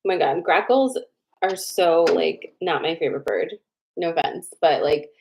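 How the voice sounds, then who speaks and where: A young adult woman hosting a casual livestream, chatting with viewers, greeting them by name and slowly repeating their choices before a card reading. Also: lowish voice, rough recording.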